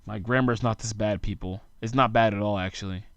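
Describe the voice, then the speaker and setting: A man's voice: on the low side, fairly even intonation, a little fast, dry recording, dull audio. A tired young man, hosting a solo podcast and ranting sarcastically in a rambling way. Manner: sarcastic, rambling rant with frequent asides. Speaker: podcast host.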